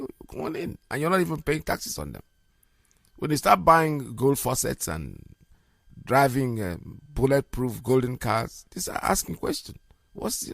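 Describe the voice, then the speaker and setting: A man's voice: mid-range voice, vocal fry, dry recording, studio quality. A middle-aged man hosting a live radio show, speaking emphatically, repeating words and often laughing.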